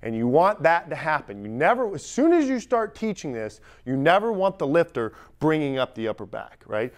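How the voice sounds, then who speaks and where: A young man coaching lifters on a gym platform, energetic and talking straight to the group, recorded on a camera mic as he moves around. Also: on the high side, moderate pace. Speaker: strength coach. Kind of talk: live coaching demonstration. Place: gym platform at a lifting camp.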